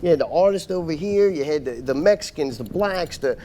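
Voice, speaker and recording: A man's voice: a little high, animated, fairly quick, dark tone, slight background noise. A man co-hosting a podcast in casual banter, talking bluntly and rambling, with frequent swearing. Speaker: podcast co-host.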